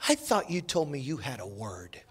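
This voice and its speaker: A man doing a calm, steady older pastor who lays things out firmly and plainly. The voice sits lower and evener than the storyteller's own lively tone. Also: moderate pace, slightly rough. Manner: steady, admonishing, matter-of-fact. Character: calm, firm older male pastor and mentor.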